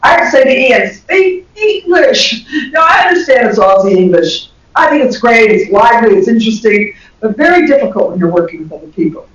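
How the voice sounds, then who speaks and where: An older woman from the American South with a Southern accent, giving an animated lecture to health workers and laughing often. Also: medium pitch, quick pace. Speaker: communication professor giving a lecture. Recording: echoey dull recording from far off.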